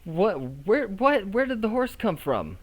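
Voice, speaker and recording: A man voicing an excitable, easily flustered teenage boy who seats guests at a restaurant. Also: medium pitch, moderate pace, pitched above the performer's own voice, lightly acted. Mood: panicked. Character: eager teen boy restaurant host.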